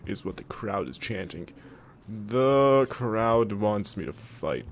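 A man's voice: on the low side, very animated, slow, slight background noise. A man casually commenting while he plays a video game, reacting aloud, joking to himself and answering viewer comments. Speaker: gaming video host. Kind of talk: casual let's-play commentary.

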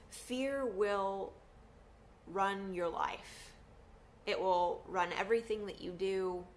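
A woman performing a personal story, acting out the voices of the people in it. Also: a little hiss or hum. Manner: animated, acts out quotes with big pitch swings.

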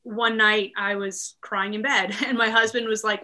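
Speaking a little slowly, this woman has a medium-pitched, bright, forceful voice with a steady tone. She's in her thirties, from Maryland, USA, and talks cheerfully about her job as a real estate team leader in a relaxed interview, laughing and using lots of fillers.

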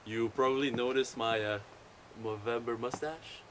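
A man's voice: medium pitch, moderate pace. A young French Canadian man hosting a casual outdoor vlog, joking and playful. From Quebec, Canada. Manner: playful, joking, lively banter. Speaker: channel host. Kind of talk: casual chat. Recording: faint outdoor noise.

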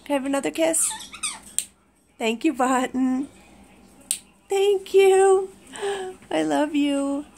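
A woman at home in the morning, talking unhurriedly to her pets and her viewers, cooing to the animals in a soft, doting voice. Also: sits high, vocal fry, a little hiss or hum. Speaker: pet owner vlogger. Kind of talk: casual talk to pets and viewers. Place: at home indoors, early morning.

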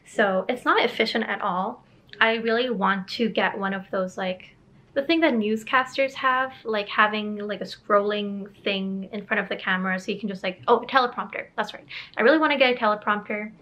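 A woman's voice: mid-range voice, moderate pace, bright, forceful tone. A woman who illustrates children's books, chatting casually in a vlog in a bubbly, rambling way, with lots of fillers. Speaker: children's book illustrator vlogging.

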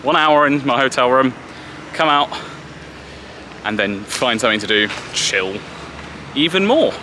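A man's voice: medium pitch, lively intonation, unhurried, noisy background. A young man from Britain, chatting in a rambling, self-deprecating way to a handheld camera while walking through a city. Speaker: travel vlogger. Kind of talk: casual vlog monologue to camera. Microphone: handheld camera at arm's length.

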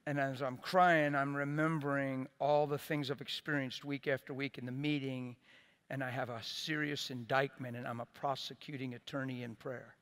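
A middle-aged man preaching a sermon as a pastor, earnest and impassioned, swinging between loud bursts and quiet, soft asides. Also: medium pitch, level tone, normal speed, smooth.

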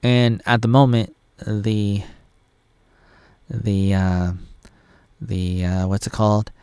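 A rambling vlogger in his thirties from Oregon, talking fast through his own thoughts and asides. His voice is low and smooth. The sound is close and dry, with no room around it. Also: level tone, a little mellow, no room sound. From Oregon, USA. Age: 30s. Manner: self-mocking, digressive, with pop-culture asides. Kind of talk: rambling solo vlog rant.

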